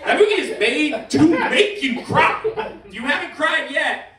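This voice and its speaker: A young man doing a stand-up set, rambling and interrupting himself, swinging from mumbles to shouts. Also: very high-pitched, lively intonation, unhurried, echoey room, far from the mic, low-quality recording. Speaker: stand-up comedian. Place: comedy venue with live audience.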